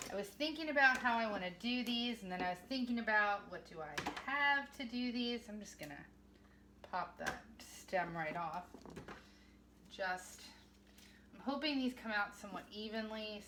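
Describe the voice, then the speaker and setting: A woman's voice: a little high, normal speed, background noise. A woman in her forties, chatting casually and poking fun at herself as she talks to viewers while cooking in her home kitchen. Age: 40s.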